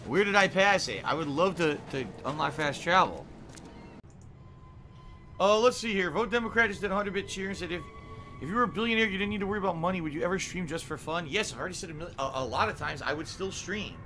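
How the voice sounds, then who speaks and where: A man's voice: high-pitched, fast, pushed and bright, faint music behind, poor audio. A man streaming a game live, commenting as he plays, often frustrated and swearing. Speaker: gaming streamer.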